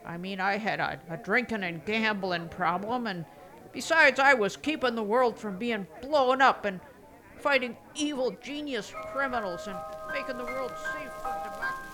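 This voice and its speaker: A man's voice: very high-pitched, moderate pace, sharp tone, faint music behind, poor audio. A man doing a rambling old ex-secret agent. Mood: sheepish. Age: older. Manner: rambling, sheepish. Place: old folks' home.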